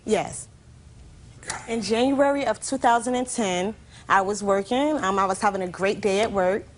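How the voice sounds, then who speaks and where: Animated young woman telling her side. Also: mid-range voice, moderate pace, a little hiss or hum. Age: 20s. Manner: animated storytelling, heavy use of "like". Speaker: plaintiff. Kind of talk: courtroom testimony.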